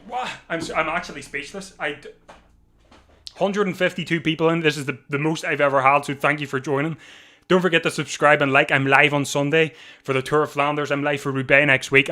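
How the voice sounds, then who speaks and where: A man hosting a live watch-along, calling a bike race in a breathless, excitable way and repeating himself as the finish nears. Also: on the high side. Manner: breathless, rising to shouts at the finish; talks fast over the race, repeating himself. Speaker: livestream watch-along host. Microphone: desk mic.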